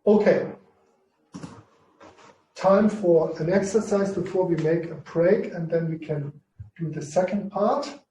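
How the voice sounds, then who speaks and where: Hesitant teacher. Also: male voice, sits high, takes it slowly, long pauses, mellow, recorded from a distance, a little hiss or hum. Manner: hesitant, many fillers and restarts. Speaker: Greek language teacher. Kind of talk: informal online lesson. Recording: echoey room, off-mic.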